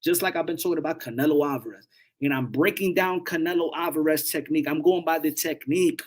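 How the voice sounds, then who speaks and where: A man hosting a boxing channel, giving casual live-stream commentary, animated, often repeating words and swearing freely. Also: a little high, quick pace.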